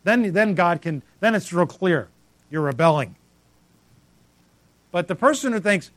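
A man's voice: high voice, lively intonation, measured pace, pauses often, fairly bright tone, no room sound. A man preaching a sermon as pastor, emphatic and repetitive, calling out congregants by name.

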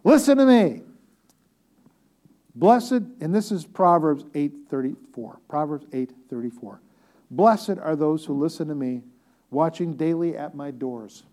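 A middle-aged man preaching a sermon as a pastor, telling stories with humor and swinging from loud, emphatic declarations to hushed near-whispers. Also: on the high side, normal speed. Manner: storytelling with humor.

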